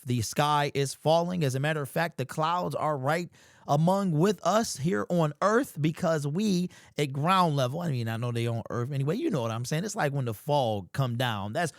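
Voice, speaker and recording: A man hosting a sports fan vlog, talking in casual, animated commentary with slangy, emphatic exclamations. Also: a little high, no room sound, studio quality. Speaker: sports fan channel host.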